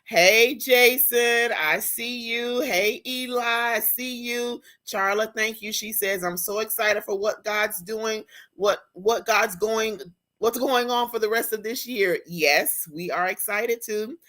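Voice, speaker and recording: Excitable, high-pitched woman hosting live. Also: slow pace. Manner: excitable, churchy and effusive. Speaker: host. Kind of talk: live-stream talk show chat.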